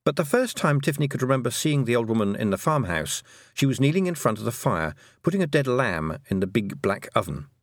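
A man narrating an audiobook with gently wry, unhurried storytelling. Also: medium pitch, sing-song, no room sound, studio quality.

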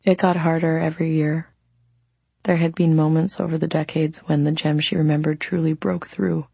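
A woman narrating a novel as an audiobook in a calm, reflective way. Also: low voice, moderate pace, gravelly, slightly rough, no echo. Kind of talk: scripted narration.

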